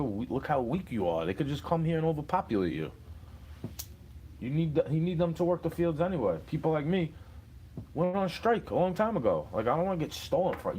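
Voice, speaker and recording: A man's voice: medium pitch, a little mellow, a little hiss or hum. A young adult man delivering an angry, profane monologue, confronting an imagined listener. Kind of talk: ranting monologue.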